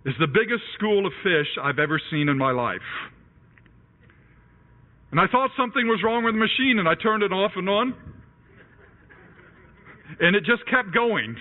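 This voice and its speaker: A man preaching a sermon and telling a personal story in an animated way, raising his voice when he acts out scenes. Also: sits high. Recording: tinny phone-like radio broadcast.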